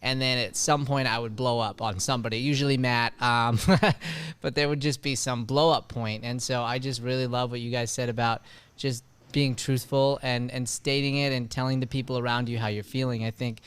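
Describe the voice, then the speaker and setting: A man's voice: medium pitch, fairly even intonation, normal speed, fairly bright tone, clean tone, dry recording. A man co-hosting a podcast, speaking reflectively and sincerely. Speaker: podcast co-host. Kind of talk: casual podcast discussion.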